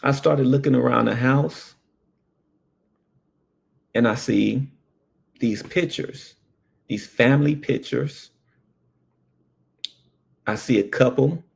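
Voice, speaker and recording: A man, a paramedic, telling a personal story in an animated, earnest way. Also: medium pitch. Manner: slow, gravelly, animated storytelling.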